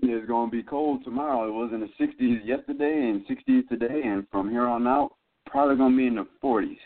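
A man's voice: mid-range voice, a little fast. A man from Atlanta co-hosting a casual sports talk show, confident and emphatic. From Atlanta, US South. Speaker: co-host. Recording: tinny phone line.

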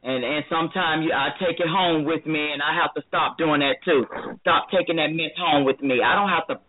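A woman's voice: deep voice, fairly quick. Chatty woman host on a phone-like line. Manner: earnest, chatty, candid. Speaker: radio show host. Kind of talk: casual interview chat. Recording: phone-like, band-limited line.

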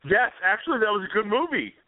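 Rambling man with lively pitch. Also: fast talker, dry recording. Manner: rambling, hesitant, full of fillers. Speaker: radio show co-host. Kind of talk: casual chat. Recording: tinny phone-like sound.

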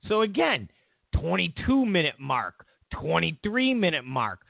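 A man's voice: a little high, sing-song, a little slow, creaky, dry recording. A man hosting his own show, ranting in a casual, sarcastic and mocking way about the news. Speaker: show host. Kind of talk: casual political commentary rant. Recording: tinny phone-like line, dry.

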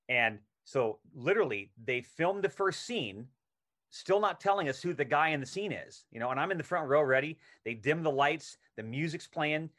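A middle-aged man telling a long anecdote as a podcast guest. He talks casually and with energy, and he acts out the lines he quotes. His voice sits in a middle pitch. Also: fairly bright tone. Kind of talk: casual storytelling interview.

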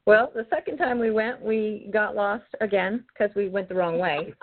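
A woman's voice: medium pitch, moderate pace. Woman rambling on a tinny phone line. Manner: rambling, many ums and restarts, laughs easily. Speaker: paranormal investigator guest. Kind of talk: casual storytelling in an interview. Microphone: phone or call-in line, drifting from the mic.

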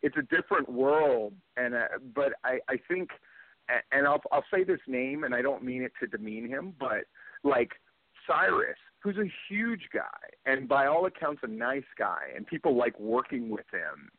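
A man's voice: medium pitch, lively intonation, normal speed, dry recording. Middle aged host dude rambling his opinions, dry phone-ish sound. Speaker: podcast host. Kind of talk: casual podcast chat. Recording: tinny phone-like line.

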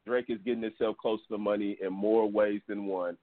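A man's voice: lowish voice, level tone, a little fast, no room sound. A man on a sports talk panel giving blunt, joking opinions in casual chat. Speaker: podcast panelist. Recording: tinny phone-like sound.

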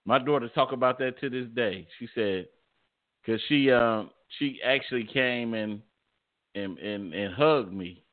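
A man's voice: medium pitch, unhurried. A middle-aged man in casual chat, stammering and laughing as he tells stories. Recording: tinny phone-like audio.

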